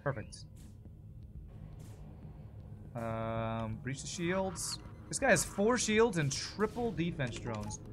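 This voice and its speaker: A man's voice: fairly high pitch, big pitch swings, takes it slowly, faint music behind. Chatty man streaming a strategy game. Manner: chatty, thinks aloud and answers viewer messages. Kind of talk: casual live gameplay commentary.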